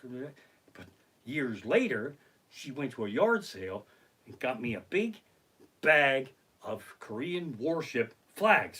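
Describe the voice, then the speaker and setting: A middle-aged man, a comedian telling profane, animated stories during a live stream from his living room. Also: medium pitch, husky. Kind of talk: live-streamed comic storytelling. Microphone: basic home streaming setup.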